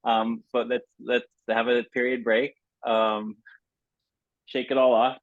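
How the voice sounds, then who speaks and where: A man's voice: medium pitch, level tone, takes it slowly, no echo. Easygoing man host, dull dry sound. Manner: easygoing, supportive, playful sports metaphors. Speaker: podcast host. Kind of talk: casual interview chat.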